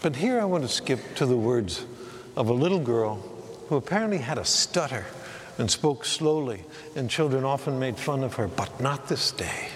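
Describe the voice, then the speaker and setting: A man preaching a sermon, telling a story in a slow, reflective way. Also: medium pitch, animated, big-room sound.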